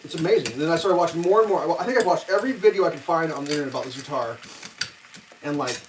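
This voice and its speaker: Man, slightly high voice, casual rambling live-stream storytelling, swears a lot, faint sizzle behind. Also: animated, very fast, slight background noise. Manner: swears freely, acts out quotes in a raised voice. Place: home kitchen while cooking.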